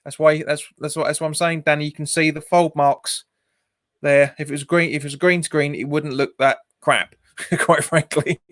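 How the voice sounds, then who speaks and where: A man's voice: a little high, steady tone, normal speed, a bit bright. A man, hosting a football watch-along stream, chatting casually, laughing often and reading out viewer comments. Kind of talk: casual live commentary and chat.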